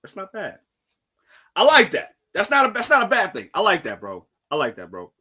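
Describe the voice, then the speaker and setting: A young man on a live reaction stream, talking in slang and breaking into shouted outbursts. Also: sits high, huge pitch swings, moderate pace, slightly rough. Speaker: streamer reacting to a manga chapter.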